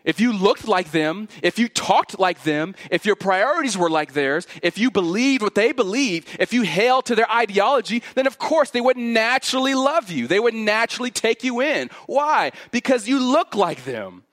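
A man preaching a sermon in a fairly high voice that swings widely in pitch. He stacks repeated phrases into building runs, then sinks low and hushed on his warnings. The delivery is earnest throughout. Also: very animated, normal speed, few pauses. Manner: drops low and quiet on key warnings. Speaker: pastor. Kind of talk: expository sermon.

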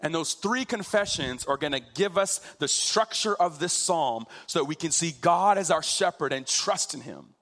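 A man preaching a sermon, slow and emphatic, drawing out key phrases for weight. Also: on the high side, expressive, a bit bright.

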